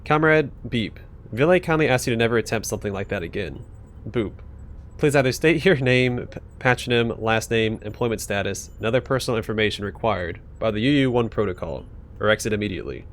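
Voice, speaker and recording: A man's voice: fairly low pitch, animated, brisk, slight background noise, close to an everyday voice. A man voicing an officious Soviet bunker computer that speaks stiffly and adds beeps and boops to its lines.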